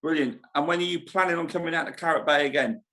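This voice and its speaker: A man's voice: a little high, fairly bright tone. A man hosting a casual live-stream chat from a holiday park club foyer, talking in a rambling way and laughing easily. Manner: chatty, rambling, quick to laugh. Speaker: show host at a holiday park.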